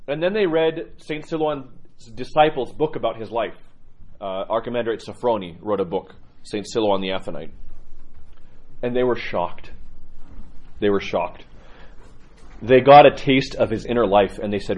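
A man's voice: fairly low pitch, moderate pace, pauses often, a little mellow. A man teaching a catechism lecture, earnest and emphatic, often repeating himself for weight.

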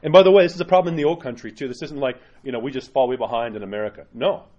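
A man preaches as an Orthodox priest in an informal, conversational way, often checking in with his listeners. His voice sits at a middle pitch. The recording sounds a little dull and muffled. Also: very fast, darkish tone. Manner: conversational and direct, many tag questions, acts out quoted parishioners. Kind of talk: informal homily to a congregation.

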